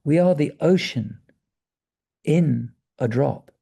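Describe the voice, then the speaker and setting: A man in his sixties speaking as a guest about breathwork, in a gentle, meandering way that sometimes drops to a soft near-whisper. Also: a little high, slow, creaky, husky. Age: 60s. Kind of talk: reflective conversational talk.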